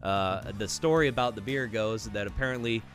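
A man's voice: lowish voice, brisk. Easygoing man reading music news. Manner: relaxed, easygoing, jokey. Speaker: co-host of a music news show.

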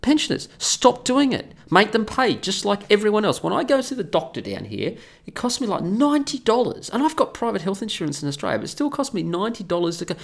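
A man holds forth in a casual, opinionated rant and swears freely along the way. His gravelly voice swings widely in pitch as he gets worked up. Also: sing-song, quick pace, few pauses. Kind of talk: casual ranting monologue.

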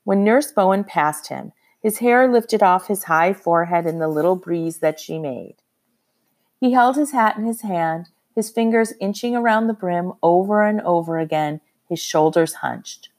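A woman narrating a historical story in the first person, expressive and measured. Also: on the low side. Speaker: audiobook narrator.

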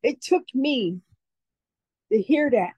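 A woman's voice: high voice, lively intonation, takes it slowly, darkish tone, husky, dry recording, low-quality recording. A woman speaking as a community advocate guest, giving heartfelt, emotional testimony and often repeating herself.

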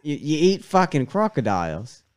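A man voicing a crude, rowdy Australian bloke in a put-on Australian accent, loud and brash. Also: mid-range voice, sing-song, moderate pace, close to an everyday voice.

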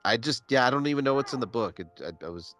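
A man's voice: mid-range voice, lively intonation, fast talker, a bit bright. A man joking and rambling in casual chat while watching a film, with its music behind. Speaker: movie riffer.

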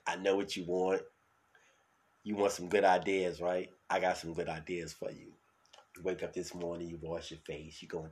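A man with a New York accent hosting his own solo podcast, talking loud and hyped, then dropping to a mutter. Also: deep voice, level tone, normal speed, a little hiss or hum. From New York City. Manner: loud, hyped, swings between shouting and mumbling. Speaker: podcast host.

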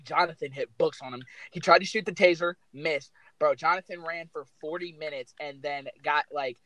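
A loud, brash teenage guy boasting in casual podcast chat and swearing all the time. His voice sits a little higher than most young men's and sounds dry and close, with no room behind it. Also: normal speed, no echo, low-quality recording. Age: teens. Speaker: podcast co-host.

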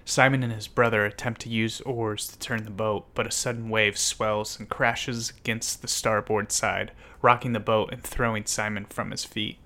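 A man's voice: on the low side, level tone, moderate pace, few pauses, pushed and bright. Man narrating a vivid story. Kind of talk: scripted dramatic narration.

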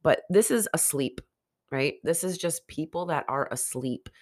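A woman's voice: deep voice, lively intonation, measured pace, a little mellow. A woman podcast host, under the weather and nasal, giving candid, encouraging self-help talk in a casual solo monologue.

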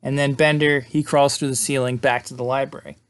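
A man's voice: mid-range voice, flat delivery, fairly quick, smooth, no echo. A man casually recapping a movie scene by scene, rambling with lots of fillers and quoting characters along the way. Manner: rambling, lots of "like" and "uh", laughs often.

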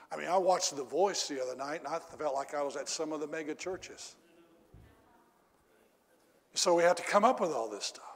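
A middle-aged male preacher telling a story in a sermon, swinging from loud exclamations down to low confiding tones. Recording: echoey hall reverb.

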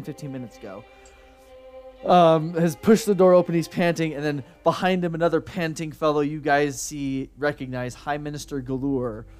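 A man narrates a tabletop game as game master, in a casual, rambling way with plenty of fillers. His voice sits fairly high for a man. Soft background music plays throughout.

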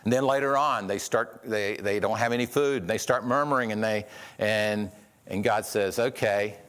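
A man's voice: fairly low pitch, moderate pace, a bit bright, clear, resonant tone. Conversational male pastor preaching. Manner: conversational, acts out quotes with shifts in voice. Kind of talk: sermon.

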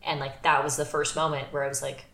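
A woman's voice: sits low, flat delivery, fast, creaky, a bit bright. A young woman co-hosting a podcast, telling a personal story in a candid, chatty way with plenty of "like". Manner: candid, chatty, filler-heavy. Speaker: podcast co-host. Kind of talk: casual storytelling chat. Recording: roomy echo.

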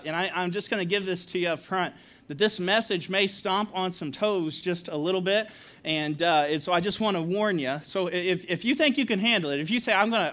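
High-voiced pastor preaching a sermon. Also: male voice. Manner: storytelling, laughing, animated asides to congregation.

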